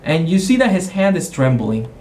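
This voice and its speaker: This man, a game master, goes over a tabletop roleplaying session in a loose, animated recap full of restarts. He speaks at normal speed with a voice on the high side, over a little hiss or hum.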